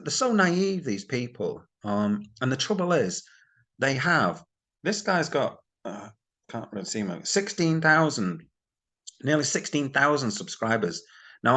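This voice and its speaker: A man's voice: fairly low pitch, fairly bright tone. A man giving rambling, exasperated commentary on online schemes to his subscribers. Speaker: crypto commentary YouTuber. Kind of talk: casual commentary to camera.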